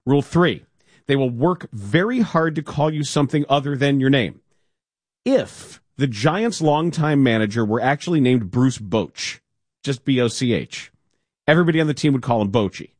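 A man co-hosting a casual sports talk show, reading a column aloud with playful, animated emphasis. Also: medium pitch, normal speed, no echo. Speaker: radio co-host.

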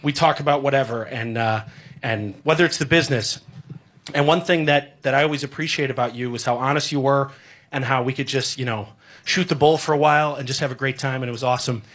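A man's voice: medium pitch, fast talker, a bit bright. A man in his thirties, a radio sports director, giving a rambling, heartfelt farewell tribute on air with many fillers.

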